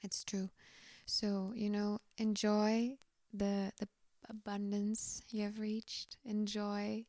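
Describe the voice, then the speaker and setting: A woman with a slightly tired voice giving a gentle, reassuring pick-a-card tarot reading, often dropping to a whisper. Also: mid-range voice, monotone, slow, hardly any pauses, no echo.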